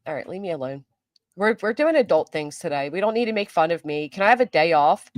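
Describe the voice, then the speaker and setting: A woman's voice: lowish voice, big pitch swings, fast, no room sound, studio quality. An older woman hosting a casual live-stream commentary, chatty and self-mocking, answering her chat as she goes. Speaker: YouTube commentary host.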